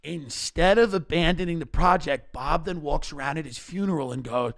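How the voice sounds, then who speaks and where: A man hosting a comedy podcast, telling stories in animated rants with frequent restarts. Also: fairly high pitch, moderate pace, few pauses.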